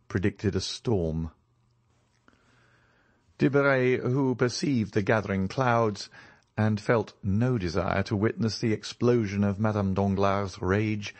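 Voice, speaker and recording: Slow, low-voiced male audiobook narrator. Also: no echo. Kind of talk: scripted narration.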